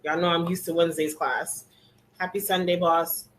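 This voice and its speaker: A woman hosting a hair care class on a live stream, chatting casually and greeting each viewer by name with relaxed slang, speaking from an indoor room. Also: low voice, normal speed, slight background noise, poor audio. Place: indoor room with air conditioning.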